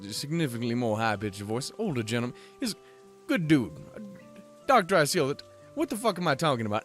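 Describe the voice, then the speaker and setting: A man's voice: medium pitch, big pitch swings, fairly quick, fairly bright tone, soft background music. A man hosting a let's play, rambling and self-deprecating, swearing freely as he reads through a game. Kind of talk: casual game commentary and reading.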